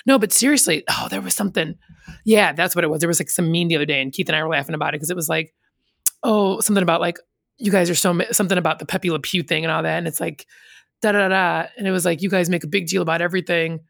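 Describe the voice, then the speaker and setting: Low gravelly-voiced chatty woman. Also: dry recording, studio quality. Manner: chatty, rambling, quick to laugh; mimics others in quoted voices. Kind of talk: casual chat.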